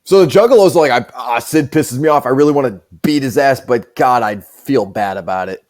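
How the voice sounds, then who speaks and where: A man's voice: mid-range voice, a little fast, darkish tone. Profane, rambling male podcast host. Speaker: show host. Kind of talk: casual podcast chat.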